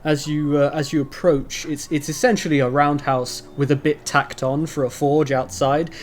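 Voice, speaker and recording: A man's voice: fairly high pitch, flat delivery, moderate pace. A man running a tabletop fantasy game as its narrator, wandering through his descriptions with plenty of ums and restarts. He talks over an online voice call, with a faint hiss of noise underneath. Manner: rambling, many ums and restarts. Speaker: game master.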